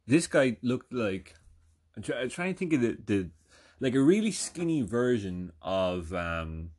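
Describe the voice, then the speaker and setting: A husky Irish man in his thirties telling a casual story with a lively, swinging delivery. He rambles, swears freely and keeps asking "right?" as he goes. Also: on the low side. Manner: rambling, profane, asks "right?" often. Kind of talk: casual anecdote.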